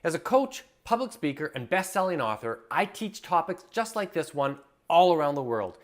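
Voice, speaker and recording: Enthusiastic man, a touch high-pitched. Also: normal speed. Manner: enthusiastic, animated storyteller who acts out everyday scenes. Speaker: happiness coach and public speaker. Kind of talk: motivational teaching talk to camera.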